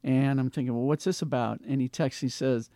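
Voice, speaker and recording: A man's voice: medium pitch, steady tone, fairly quick, warm tone, no room sound, clean studio sound. A man on a podcast, telling a personal story in a plain, hesitant way. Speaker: podcast co-host. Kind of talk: casual conversation.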